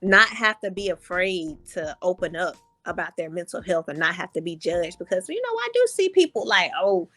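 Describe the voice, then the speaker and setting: Expressive woman in her thirties. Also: lowish voice, moderate pace, few pauses, soft background music. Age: 30s. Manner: expressive, acts out her own thoughts in quotes. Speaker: podcast guest. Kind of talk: casual candid conversation.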